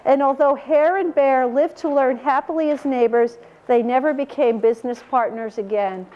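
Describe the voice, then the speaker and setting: High voiced lady reading a picture book to kids, animated, keeps asking questions. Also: moderate pace, dull audio. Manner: animated, asks the children questions. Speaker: storyteller.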